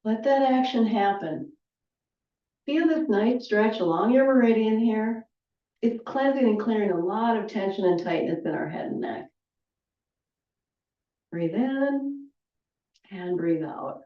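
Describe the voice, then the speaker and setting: Calm woman guiding breathing, distant and roomy. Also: fairly high pitch, normal speed. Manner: calm, cueing breaths, chatty asides. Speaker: qigong instructor. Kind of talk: guided movement class. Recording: roomy, distant, dull audio.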